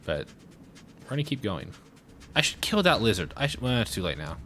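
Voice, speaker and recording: Animated young man streaming a game. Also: on the low side, fairly quick, slight background noise. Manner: animated, exclaims at surprises. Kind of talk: casual let's-play chat.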